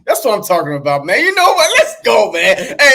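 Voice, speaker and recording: Male co-host, bantering sports talk, high voice that swings around a lot. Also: a little fast, creaky. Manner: bantering, excitable. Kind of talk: casual sports podcast chat.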